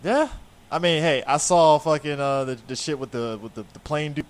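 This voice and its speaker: A man's voice: a little high, normal speed, clear, resonant tone. Laid-back swearing man hosting a chat. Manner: laid-back, swears freely, trails off and restarts. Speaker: podcast host. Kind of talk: casual chat.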